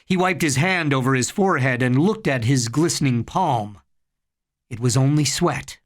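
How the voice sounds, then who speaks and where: A storyteller giving a slow, dramatic reading of horror fiction. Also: mid-range voice.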